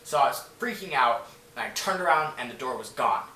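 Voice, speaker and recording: A man's voice: mid-range voice, animated, fairly quick, sharp tone. A man telling a story to camera in a casual, rambling way, full of "like" and swearing. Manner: rambling, filler-heavy, swears freely. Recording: echoey room, voice from a distance, faint noise.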